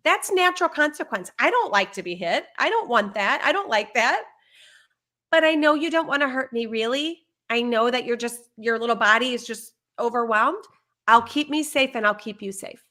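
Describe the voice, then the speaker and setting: A high-pitched woman with a bright, lively timbre talks through parenting advice. She is animated and breaks into little acted-out lines of what a parent or child might say. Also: normal speed. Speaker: parenting educator. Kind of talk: conversational advice on a live stream.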